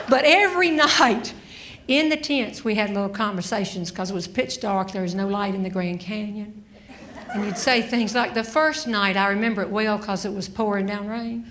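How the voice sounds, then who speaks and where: An older woman telling a story on stage as a humorist, animated and slipping into voices of the people she quotes. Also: medium pitch, normal speed, crowd noise, noisy background. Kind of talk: live stand-up storytelling. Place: stage before a laughing audience.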